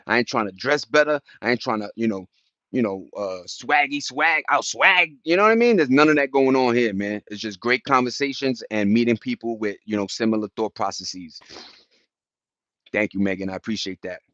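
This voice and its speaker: A man's voice: on the low side, brisk, fairly bright tone, dry recording, highs cut off. A man in his forties from New York with a New York accent, chatting casually on a livestream in streetwise slang and greeting viewers by name. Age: 40s. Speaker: livestream host.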